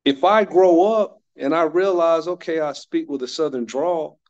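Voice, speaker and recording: A man's voice: fairly high pitch, moderate pace, few pauses, darkish tone, dull audio. Emphatic man in his fifties lecturing. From North Carolina, United States. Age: 50s. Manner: emphatic, repeats key phrases for stress. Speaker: workshop speaker. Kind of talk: motivational workshop talk.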